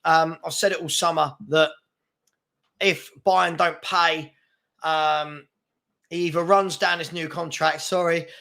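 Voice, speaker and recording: A man's voice: a little high, flat delivery, slow, gravelly, long pauses, sharp tone. A man hosting a live fan chat show, chatty and brash as he reads comments and takes on trolls. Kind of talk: casual live-stream chat reading comments.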